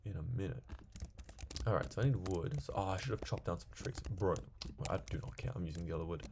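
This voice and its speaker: A young man rambles on in casual gameplay commentary. His voice is low with a gravelly fry and a mellow, dark tone. Faint background noise sits under his steady chatter. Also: fast talker. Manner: rambling, chatty, talks to himself while playing. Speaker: gaming video creator.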